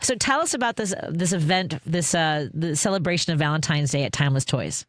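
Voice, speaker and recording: A woman hosting a radio talk show from the Chicago area, chatty and self-deprecating with quick asides. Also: low-pitched, lively intonation, no echo, clean studio sound. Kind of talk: casual radio chat.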